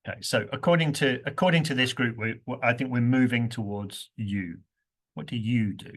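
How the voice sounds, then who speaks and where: Teaching an interactive workshop at a university, a man keeps things playful, laughing frequently and performing sample phrases to show stressed words. He speaks a little fast in a medium-pitched, slightly bright voice.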